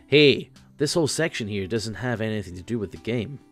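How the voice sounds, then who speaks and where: A man voicing a laid-back, rambling floating teenage boy who acts as a self-aware game guide, a bit higher and louder than his own voice. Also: lively intonation, a little fast, soft background music.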